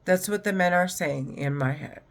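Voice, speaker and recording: A woman's voice: fairly low pitch, moderate pace. A woman and mother talking to camera in an agitated, rambling personal monologue, swearing heavily and restarting often. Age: adult, mother of children. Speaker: vlogger.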